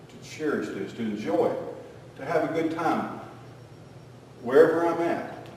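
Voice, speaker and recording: A man's voice: fairly high pitch, unhurried, a little hiss or hum. An older man preaching a sermon, telling folksy family stories and acting out the voices in them. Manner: folksy storytelling, animated quoting. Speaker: pastor. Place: church sanctuary. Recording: echoey hall, distant mic, faint ambience.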